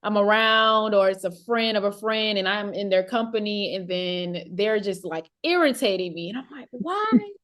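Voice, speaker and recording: A woman hosts a relaxed conversation with a mid-range voice. She talks casually, often restarting her sentences. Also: medium pitch, moderate pace, hardly any pauses. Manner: affirming, laughs easily, restarts sentences. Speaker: host and business owner.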